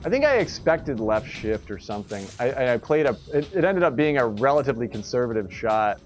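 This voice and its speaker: A man streaming an online golf game live, commenting excitedly, laughing often, swearing and scolding himself over his shots. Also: medium pitch, soft background music. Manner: excitable, swearing, quick to laugh and self-critical.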